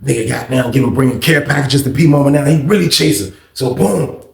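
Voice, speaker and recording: A man telling a prison story in a casual, animated, profane way, full of acted-out quotes. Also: mid-range voice, brisk, vocal fry, crowd noise. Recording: echoey room.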